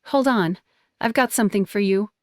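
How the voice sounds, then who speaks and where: A woman voicing her young female friend, a barista, with a lively, teasing manner and a higher voice than her narration. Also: normal speed, dry recording, clean studio sound, natural voice. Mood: encouraging.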